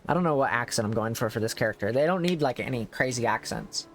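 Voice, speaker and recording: A man's voice: medium pitch, lively intonation, fast, slight background noise. Jokey male gameplay streamer. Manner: jokey, chats with game characters. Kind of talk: casual gameplay commentary.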